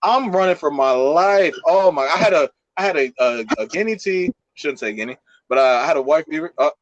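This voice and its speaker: Brisk and fairly high-pitched, a young man co-hosting a podcast tells an animated, casual story full of curse words and fillers. The recording sounds muffled, with slight background noise.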